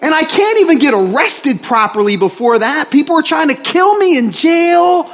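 A preacher acting out a furious ranting apostle. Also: male voice, extremely high pitch, very animated, normal speed, long reverb tail, pitched above the performer's own voice, full character voice. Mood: indignant ranting. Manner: shouting, indignant complaint. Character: exasperated male apostle ranting at God.

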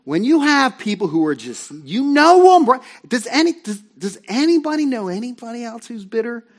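A male pastor delivering a sermon in a relaxed, storytelling way. His voice sits high for a man, and he keeps turning to the congregation with quick asides and questions.

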